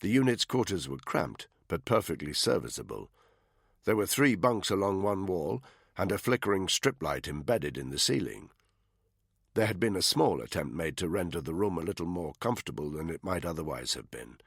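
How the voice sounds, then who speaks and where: A man narrating a thriller audiobook in a measured, expressive way. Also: low-pitched, vocal fry, husky, no echo, clean studio sound. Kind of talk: scripted narration.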